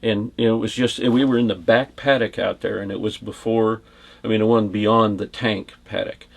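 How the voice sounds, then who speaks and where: In this relaxed interview, a former bodyguard from the U.S., now middle-aged, wanders from anecdote to anecdote and laughs softly while telling them. He speaks at a moderate pace in a lowish, creaky voice with fairly even intonation.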